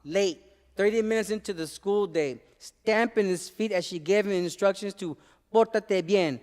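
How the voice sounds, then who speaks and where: Poet performing live: a man with a smooth, resonant voice, emphatic, mixing in Spanish, hall reverb around him. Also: high-pitched, normal speed. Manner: emphatic storytelling, laced with Spanish phrases. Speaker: poet and former teacher. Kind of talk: spoken-word performance. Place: live arts venue.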